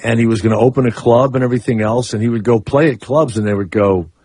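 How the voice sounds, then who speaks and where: A man's voice: mid-range voice, fast talker, warm tone, breathy edge, no room sound. A man in his sixties hosting a call-in radio talk show, brash and teasing with his callers. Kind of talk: casual call-in radio banter.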